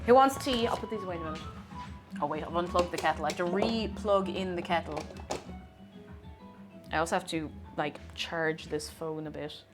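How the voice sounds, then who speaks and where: A woman's voice: on the low side, normal speed, pauses often, music in the background. A young Irish woman streaming from her home kitchen, chatting casually, rambling through asides and reading viewer messages aloud. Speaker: streamer baking live.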